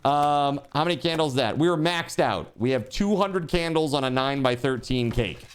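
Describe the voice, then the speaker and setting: A man livestreaming and reading out donations in casual chat. He swears, says dude a lot, and bursts into laughter and shouting. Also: medium pitch, animated, moderate pace, clear, resonant tone. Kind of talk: live stream donation reading.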